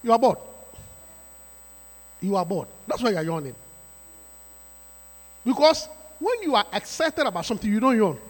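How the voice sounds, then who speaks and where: High-voiced emphatic man preaching. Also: very animated, normal speed, long pauses. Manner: emphatic, repetitive preaching with rising shouts. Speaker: pastor. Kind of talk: sermon. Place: church sanctuary. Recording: reverberant church hall.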